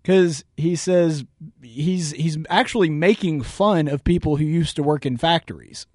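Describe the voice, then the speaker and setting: A man's voice: fairly high pitch, a little slow, a little mellow, no room sound, studio quality. A man with a Southern US accent, hosting a radio show and arguing point by point against a video clip. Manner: argumentative, repeats words for emphasis. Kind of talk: political commentary reacting to a video.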